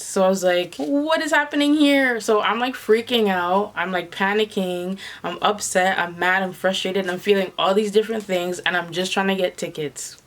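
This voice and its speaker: A young woman from Toronto telling a storytime vlog in an exasperated, animated way, full of slang. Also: mid-range voice. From Toronto, Canada. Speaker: vlogger.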